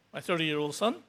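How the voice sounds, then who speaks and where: In a church, a sixties-aged member raises his voice, a little high and fairly bright, to give an unscripted testimony. Earnest throughout, he halts often with restarts and fillers. By the close he grows emotional.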